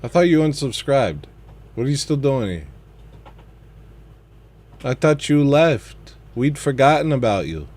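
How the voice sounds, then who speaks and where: A man's voice: medium pitch, sing-song, unhurried, pauses often, darkish tone. A man hosting a casual livestream, chatting about his music in a rambling way that trails off and circles back. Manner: rambling, trails off and restarts thoughts.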